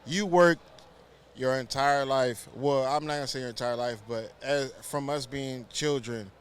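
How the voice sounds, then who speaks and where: A man from Houston, co-hosting a podcast and telling animated stories in casual chat. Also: mid-range voice, unhurried, slight background noise. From Houston, Texas. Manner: animated storytelling, acts out quotes. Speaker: podcast co-host.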